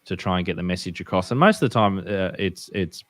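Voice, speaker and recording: A man's voice: deep voice, fast, no room sound. An Australian man chatting casually as a podcast guest, hesitant with many fillers and restarts. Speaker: guest ham radio operator.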